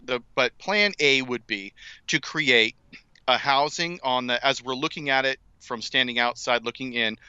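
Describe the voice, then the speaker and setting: A man's voice: mid-range voice, pushed and bright, clear, resonant tone, dry recording, dull audio. A man co-hosting a casual comedy podcast, teasing his partner and then laying out plans in an orderly way. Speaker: podcast co-host.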